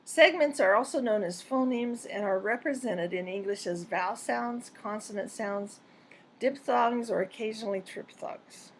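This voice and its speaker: A woman narrating a scripted pronunciation lesson in a clear, deliberate and measured way. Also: a little high, a little hiss or hum. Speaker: pronunciation teacher.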